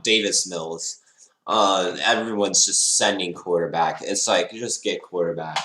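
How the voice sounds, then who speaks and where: A young man giving rambling, excitable live reaction commentary as a fan, laughing and sighing between remarks. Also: low voice, echoey room.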